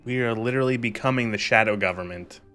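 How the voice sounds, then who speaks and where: Guy streaming a game, rambly and giggly, swears a lot, mid-pitch voice. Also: quick pace, a bit bright, faint music behind. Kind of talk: casual gameplay commentary.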